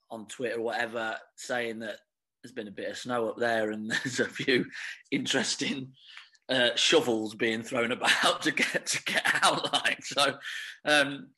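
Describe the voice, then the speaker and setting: A man's voice: medium pitch, bright, forceful tone. A man, a former footballer, chatting casually as an interview guest, laughing and restarting phrases as he tells stories.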